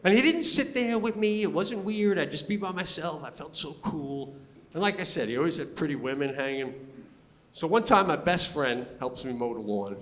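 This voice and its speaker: A middle-aged man tells stories in an animated stand-up set, sometimes bursting into loud shouts. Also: a little high, moderate pace, big-room sound, a little hiss or hum. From Long Island, New York. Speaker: comedian. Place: stage before a live audience.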